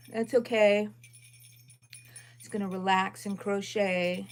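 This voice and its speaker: Woman, middle-aged, crochet livestream host; unhurried, chatty, counts stitches aloud between stories. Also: medium pitch. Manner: chatty and relaxed, drifting between dogs, chores and stitch counting. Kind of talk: casual livestream chat while crocheting.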